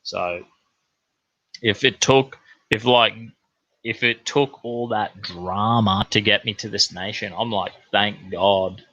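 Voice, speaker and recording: A young New Zealand man hosts a podcast, rambling through a laid-back monologue with plenty of swearing. His voice is lowish and sharp, his pace slow with long pauses. The recording is dull, lo-fi and dry, with no room sound.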